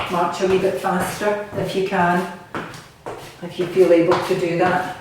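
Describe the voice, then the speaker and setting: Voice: mid-range voice, noisy background. A Scottish fitness instructor leading a cheery, chatty home exercise class, a bit out of breath. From Scotland. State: slightly out of breath. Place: bathroom at home. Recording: echoey room, mic at a distance.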